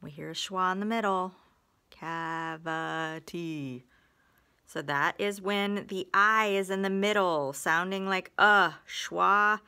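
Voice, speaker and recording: This phonics teacher has a medium-pitched voice with a clean tone. She takes the lessons slowly, sounding bright and somewhat forceful, and carefully elongates each example word and sentence.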